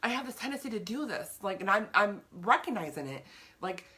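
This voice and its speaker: A woman's voice: mid-range voice, sing-song, a little fast, pushed and bright. A woman giving an earnest, chatty talk on faith to her viewers, often repeating herself for emphasis. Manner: greets live viewers by name. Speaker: faith vlogger.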